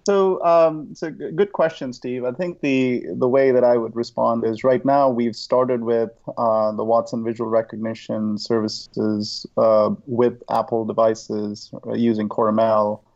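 A man guest explaining use cases in a measured way, with "uh" fillers. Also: mid-range voice, flat delivery, darkish tone, no echo, muffled recording. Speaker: expert guest. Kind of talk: conversational explanation.

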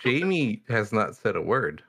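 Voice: medium pitch, big pitch swings, unhurried, fairly bright tone, husky. A co-host in a casual podcast chat, crude and joking, laughing a lot. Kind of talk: casual podcast chat over video call.

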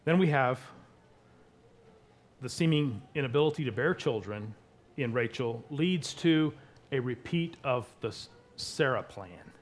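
A man preaching a sermon, emphatic, with wide swings between soft and loud. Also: medium pitch, animated, unhurried. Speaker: pastor.

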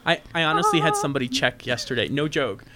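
A man telling convention stories on a casual podcast, animated and often laughing. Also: fairly high pitch, quick pace, a loud crowd. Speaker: convention guest. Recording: noisy podcast recording.

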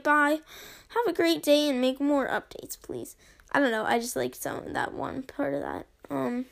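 Young woman host, high voice with fry, sarcastic review-reading podcaster. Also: big pitch swings, a little slow, a bit bright. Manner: sarcastic, chatty, reads reviews aloud with dry asides.

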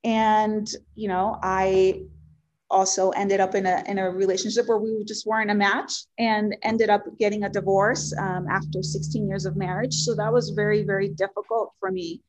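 A woman's voice: mid-range voice, level tone. Earnest woman, Spanish her first language. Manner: earnest, heartfelt, with frequent ums and pauses. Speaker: interview guest. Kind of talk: personal life story in conversation.

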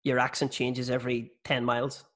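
Fast-talking Irish man telling stories. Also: medium pitch, monotone, a bit bright. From Ireland. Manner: quick, profane storytelling. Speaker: stand-up comedian. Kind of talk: casual podcast chat.

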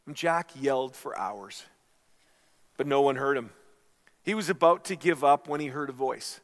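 A man's voice: medium pitch, moderate pace, long pauses. A middle-aged man preaching a sermon as a pastor, telling stories earnestly and calling his listeners friends.

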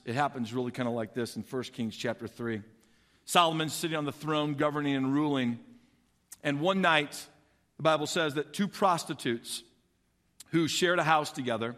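Animated male preacher, high bright voice, casual storytelling sermon. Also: long reverb tail. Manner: animated, conversational, swings loud and soft.

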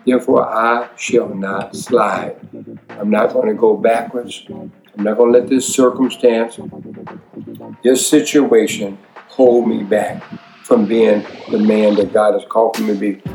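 A man's voice: on the low side, dark tone, echoey room. A man preaching at an evening Bible study, reading scripture aloud and repeating lines for emphasis. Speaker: pastor.

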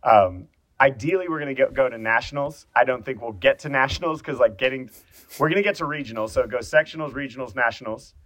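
A man's voice: mid-range voice, fast talker, fairly bright tone, muffled recording. A man from New Zealand chats as a podcast guest. He jokes about himself and rambles, often stopping and restarting mid-sentence. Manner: jokey, self-mocking, rambling with restarts. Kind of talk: casual podcast chat.

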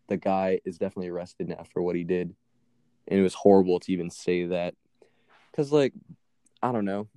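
Low, mellow-voiced young man rambling. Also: dry recording, studio quality. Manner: rambling, profane, laughing through the story. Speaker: podcast co-host. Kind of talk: casual storytelling chat.

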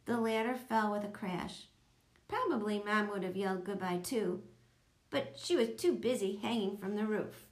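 A woman narrating a children's audiobook, telling it in a lively storytelling manner. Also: moderate pace. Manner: lively storytelling, voicing children in higher tones.

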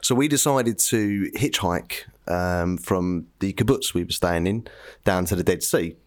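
A British man co-hosting a podcast, chatting casually and telling a travel story, laughing often. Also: a little slow. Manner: chatty storyteller, laughs often, pitch jumps up when amused. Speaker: podcast co-host. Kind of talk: casual chat.

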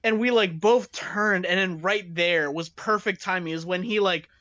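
Laughing often, a young woman relates a funny story in casual chat, using many fillers. Her fairly low voice is moderately paced and fairly bright, captured in a dull, lo-fi, dry recording with no echo.

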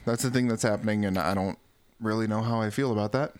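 A man's voice: lowish voice, quick pace, clear, resonant tone. A man hosting a casual gaming podcast, laid-back, steering topics and laughing often. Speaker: podcast host.

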